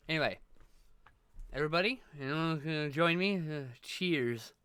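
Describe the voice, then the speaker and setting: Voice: mid-range voice, animated, moderate pace, clean tone, no echo. A live streamer chatting casually with viewers, thanking them and swearing freely. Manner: greets and thanks viewers warmly.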